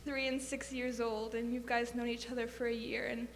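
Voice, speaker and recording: A woman at a memorial with quick, filler-laden asides, reading a letter aloud. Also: a little high, little pitch movement. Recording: echoey hall with faint hum.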